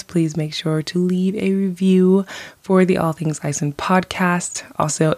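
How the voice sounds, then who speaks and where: A chatty woman hosts a podcast, rambling easily with "like" and "you know" between thoughts. Her voice sits low for a woman. The recording is close and dry, with no room sound. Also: darkish tone, no room sound. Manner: chatty, frequent "like" and "you know", laughs lightly. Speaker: podcast host. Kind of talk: casual podcast monologue. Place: lives in Iceland.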